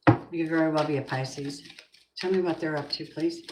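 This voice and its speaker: Giving a tarot reading, a woman muses aloud and poses questions to the cards and to spirit. Her low voice holds a steady tone at a normal pace, though the recording is very noisy and has a roomy echo.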